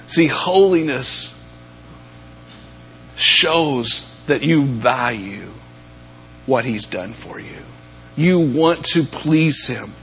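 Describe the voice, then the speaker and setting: A man preaching a sermon, dropping to near-whispers and then rising to loud, emphatic peaks. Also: mid-range voice, animated, very slow, pauses often. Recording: dull lo-fi sound with faint mains hum.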